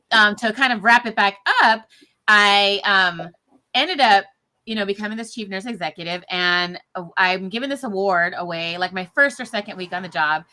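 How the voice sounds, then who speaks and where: A woman tells her own story in an interview, chatty and emotional, and keeps slipping into little acted quotes. Her voice is bright and forceful. She is heard over a video call. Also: medium pitch. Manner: animated storytelling with many fillers and acted-out quotes. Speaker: guest nurse executive.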